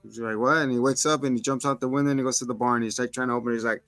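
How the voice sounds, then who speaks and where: A man's voice: mid-range voice, steady tone, very fast, a bit bright, dry recording. A man co-hosting a casual movie review podcast, animatedly acting out scenes in little voices. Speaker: podcast co-host.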